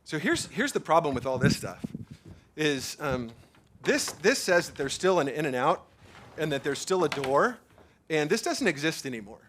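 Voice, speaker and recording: A man in his thirties or forties, preaching a sermon at a church service in an animated, conversational way, full of fillers and repeated words. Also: on the high side, moderate pace, background noise. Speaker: pastor.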